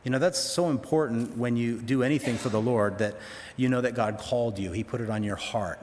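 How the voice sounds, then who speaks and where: A man's voice: mid-range voice, brisk, a little mellow, big-room sound, slight background noise. A man teaching through a Bible passage in a conversational sermon, with folksy asides to his listeners.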